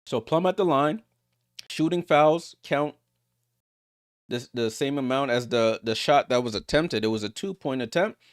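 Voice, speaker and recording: A man giving live play-by-play of a basketball game as a streamer, getting louder on big plays and greeting viewers in the chat. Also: unhurried, smooth, no room sound, studio quality. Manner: rises sharply in pitch and volume on big plays.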